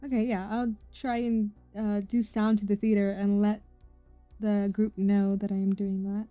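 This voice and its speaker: A woman's voice: mid-range voice, flat delivery, normal speed, no room sound, soft background music. A woman playing a tabletop game, easygoing and giggly, hesitating often. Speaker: player. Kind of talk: casual tabletop game play. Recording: dull, dry lo-fi mic.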